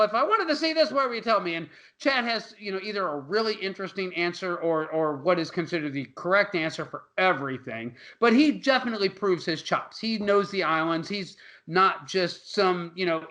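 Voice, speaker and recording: Male podcast co-host with a high, bright voice, loose and profane while recapping films. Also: low-quality recording. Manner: loose, profane, laughing storyteller. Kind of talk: casual movie-recap chat.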